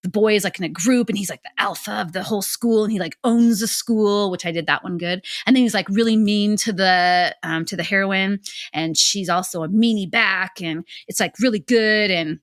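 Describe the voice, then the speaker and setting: A woman's voice: mid-range voice, normal speed, dry recording, clean studio sound. A woman in her forties, a guest author on a podcast, chatting energetically with frequent laughs and lots of "like". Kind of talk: casual podcast chat.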